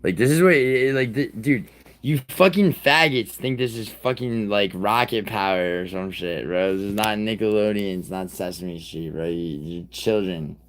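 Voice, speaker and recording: A man hosting a live stream, chatting loosely with viewers in a profane, rambling way, with sudden loud outbursts. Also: on the low side, normal speed, slight background noise. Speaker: livestream host. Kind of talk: casual live-stream chat reacting to viewers.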